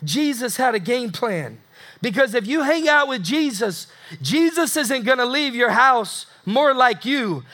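A male pastor preaches in a strikingly high voice. His tone is bright and forceful. He hammers phrases through repetition and slips into voices for the people in his story. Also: sing-song, measured pace. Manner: emphatic, repeats phrases for effect, acts out voices. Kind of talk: sermon.

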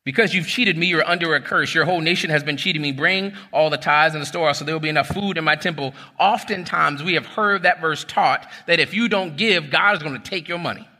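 A man in his thirties preaches from the pulpit, his voice very bright and ringing. He talks to the congregation like a friend, shifting between storytelling and exhortation. A long church-hall reverb trails his words. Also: fairly high pitch, quick pace, hardly any pauses. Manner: storytelling, animated and conversational, addresses the crowd as y'all. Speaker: pastor. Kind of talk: sermon.

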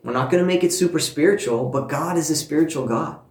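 A man preaching a sermon, telling a personal story with warmth and earnest emphasis, speaking to listeners at home. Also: fairly high pitch, fast, echoey room. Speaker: pastor.

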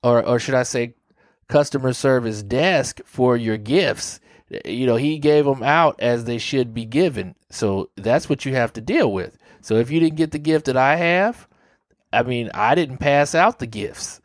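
A man's voice: medium pitch, unhurried, no echo, clean studio sound. A man from Dayton hosting a motivational monologue, earnest and conversational, acting out the people he quotes. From Dayton, Ohio, USA. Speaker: host.

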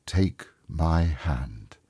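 A man voicing a gentle, ageless, childlike ghost, speaking softly in a slow, hushed and measured way. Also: extremely low pitch, lively intonation, slightly rough, dry recording, full character voice. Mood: gentle, solemn. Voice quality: soft, gentle voice.

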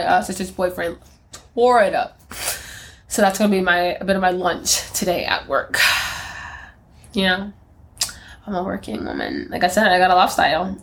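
A young woman hosting her own podcast, chatting casually on her own in a rambling, self-mocking way with frequent laughs. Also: mid-range voice. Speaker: podcast host. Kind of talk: casual solo podcast chat.

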